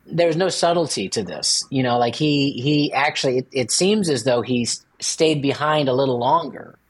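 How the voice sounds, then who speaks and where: A man's voice: expressive, normal speed, husky. A man co-hosting a faith podcast as a priest, chatting casually and joking with playful asides. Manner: playful, jokes with sudden high-pitched asides.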